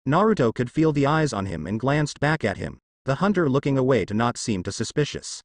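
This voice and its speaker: A man narrating a fan fiction story in an expressive reading style. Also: medium pitch, a little fast, few pauses, dry recording.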